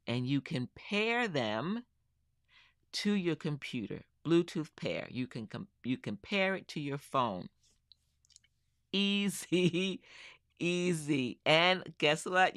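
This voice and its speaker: A gear demo host on a live stream who is plainly excited and repeats words for emphasis, talking slowly through each step. The voice is bright and a little sharp. It is picked up close on a studio microphone in a dry room. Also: medium pitch, clear, resonant tone, no echo. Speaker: tech reviewer for teachers. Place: home kitchen table.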